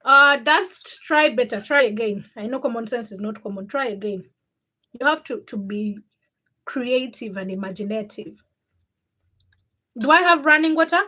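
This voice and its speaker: Bright and forceful, this high-sitting female voice belongs to a young woman from Uganda running a laid-back livestream. She calls out viewers by name as she reads their comments and pokes fun at them.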